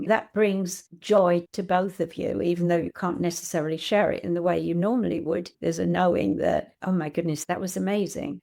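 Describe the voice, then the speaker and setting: Gentle low-voiced older woman, gravelly and mellow. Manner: gentle, reflective storytelling. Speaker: guest. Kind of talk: casual conversation.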